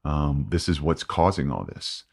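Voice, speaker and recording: A man in his forties, a podcast guest, talking candidly and haltingly with many restarts and fillers. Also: a bass voice, sing-song, gravelly, husky. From United States. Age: 40s. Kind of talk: candid interview.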